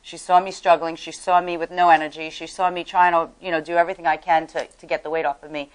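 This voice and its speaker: A woman co-hosting a casual talk show, speaking with a somewhat low voice. She tells her story earnestly and fills her sentences with "um" and "you know.". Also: little pitch movement, fast, low-quality recording. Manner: earnest storytelling with many fillers. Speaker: co-host. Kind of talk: casual chat.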